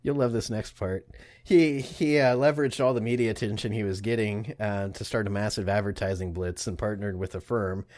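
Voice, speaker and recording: A man's voice: lowish voice, brisk, a little mellow, no room sound. A man co-hosting a podcast, casually telling an odd history story with lots of jokes, swearing and laughter. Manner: profane, jokey, laughs often. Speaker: podcast co-host. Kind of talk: casual comedic history chat.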